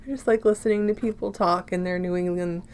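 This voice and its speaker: A woman's voice: fairly low pitch, fairly even intonation, fast talker, a little mellow, clear, resonant tone. A woman co-hosting a casual chat. She chimes in often and laughs easily. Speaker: podcast co-host and editor.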